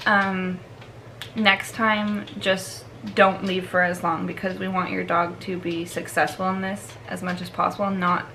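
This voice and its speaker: A woman's voice: lowish voice, level tone, measured pace, pushed and bright, low-quality recording. Woman, dog trainer, casual vlog, chatty with fillers, slight noise behind. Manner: chatty, laughs often, filler-heavy.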